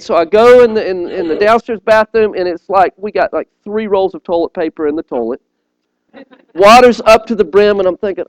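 High-voiced preacher. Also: male voice, fairly quick, dry recording, low-quality recording. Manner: animated storyteller, repeats words and phrases; earnest, appeals directly to listeners. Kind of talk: sermon.

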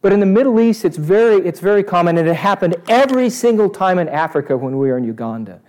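Animated man preaching a sermon. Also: high-pitched, quick pace. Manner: animated, asks the congregation questions. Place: church service before a congregation.

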